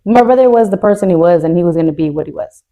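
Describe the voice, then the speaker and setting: A young adult woman co-hosting a podcast, telling a personal grief story in a candid, joking way that turns quiet and tearful. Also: fairly low pitch, expressive, very fast, narrow, tinny audio. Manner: candid, jokes to cope, voice drops when tearful. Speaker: podcast co-host. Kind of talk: casual emotional storytelling.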